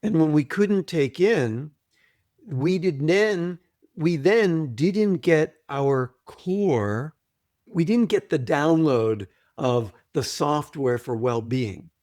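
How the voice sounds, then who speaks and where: A man guesting on an interview podcast, explaining things deliberately, repeating his points and often clearing his throat. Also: fairly high pitch, lively intonation, darkish tone, no room sound, studio quality. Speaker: guest, trauma author. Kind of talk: conversational interview, teaching.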